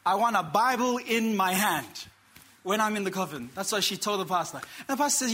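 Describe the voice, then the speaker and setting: High bright-voiced male preacher. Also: animated, slight background noise. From Australia. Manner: dramatic pauses, quotes characters, calls for amen. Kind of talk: sermon storytelling.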